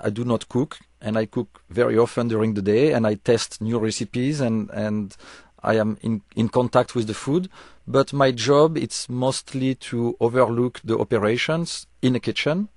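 A man's voice: fairly low pitch, no echo, studio quality. A man who is a chef, answering radio interview questions earnestly, explaining with frequent restarts. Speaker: chef, studio guest.

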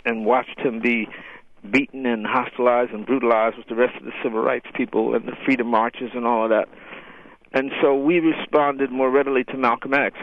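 An older man, a writer and guest, talking in a radio interview with many fillers and restarts. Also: medium pitch. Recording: tinny phone line.

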